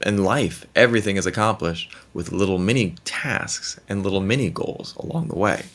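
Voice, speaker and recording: Deep-voiced, rambling middle-aged man. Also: moderate pace, a bit bright. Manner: rambling, jokey, stammers in restarts. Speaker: podcast host. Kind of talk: casual conversation.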